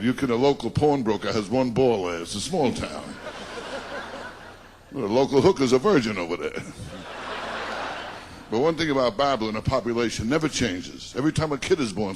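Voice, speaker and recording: A stand-up comedian from Long Island, rattling off self-deprecating one-liners and teasing the crowd. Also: male voice, medium pitch, sing-song, normal speed, long pauses, background noise. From Long Island, New York. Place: comedy stage before a live audience. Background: audience laughter.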